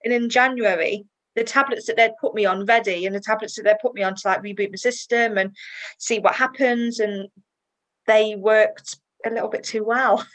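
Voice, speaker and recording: A woman, a guest in a personal interview, chatty and emotional and quick to laugh. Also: medium pitch, steady tone, rough recording.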